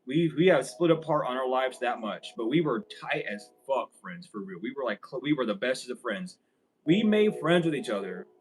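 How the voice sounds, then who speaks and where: A man's voice: mid-range voice, sing-song, moderate pace, poor audio. A young man vlogging a casual story. He rambles, swears freely and laughs often as he talks.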